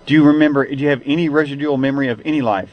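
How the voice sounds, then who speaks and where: A man hosting an interview, asking halting questions, saying mm-hmm a lot and slipping in wisecracks. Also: medium pitch, fairly even intonation, highs cut off. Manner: hesitant questions, frequent mm-hmms, wisecracks. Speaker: interview host. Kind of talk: radio interview.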